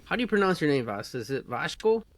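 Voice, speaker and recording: A man's voice: mid-range voice, sing-song, racing, dry recording. An American man in his forties, co-hosting a podcast in a brash, casual way and swearing freely. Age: 40s. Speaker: podcast co-host. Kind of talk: casual chat.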